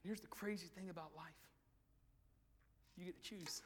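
A man preaching a sermon at a youth event, swinging from quiet pleading to shouted climaxes. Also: high voice, fairly even intonation, normal speed, slight background noise. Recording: echoey hall.

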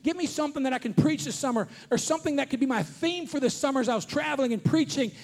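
A man preaching a sermon as a traveling preacher at a conference, talking earnestly and repetitively and rising to shouts on key points. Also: very high voice, fast. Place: conference hall before an audience.

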